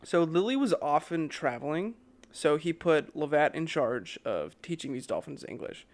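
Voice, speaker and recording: A man's voice: fairly high pitch, normal speed. A man co-hosting a podcast, telling a story in casual chat with lots of fillers and chuckles. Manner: relaxed, many fillers and chuckles. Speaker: podcast co-host.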